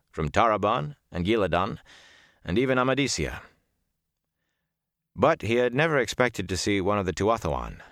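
A man narrating a fantasy audiobook in a measured, steady storytelling manner. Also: deep voice, no echo, clean studio sound.

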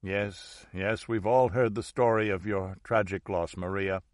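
Man doing elderly priest, hushed, soothing, low voice, dry sound. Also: steady tone, measured pace, no echo, close to an everyday voice. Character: elderly male Orthodox priest, calm and soothing.

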